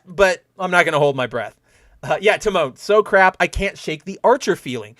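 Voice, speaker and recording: Male podcast host, high voice, dry close mic, animated, swears freely. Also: normal speed, no room sound. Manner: animated and profane, acts out scenes in mock voices. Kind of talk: casual review commentary.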